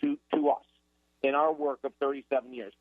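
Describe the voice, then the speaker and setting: An energetic man speaks emphatically as a guest author in a radio interview. His voice comes through a thin, tinny phone line. The sound is dry, with no room around it. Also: mid-range voice, brisk, no echo. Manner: emphatic, energetic motivational talk.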